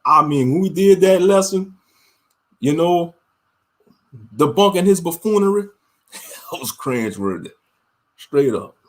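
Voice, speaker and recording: A man's voice: on the high side, lively intonation, a little slow, pauses often. A man giving casual religious commentary online, slangy and preachy, often laughing.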